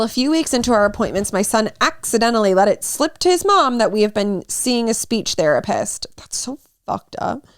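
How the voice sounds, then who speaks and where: A woman's voice: medium pitch, no room sound, clean studio sound. A young woman co-hosting a podcast, reading a story aloud and chatting casually with swearing and laughter. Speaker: podcast co-host.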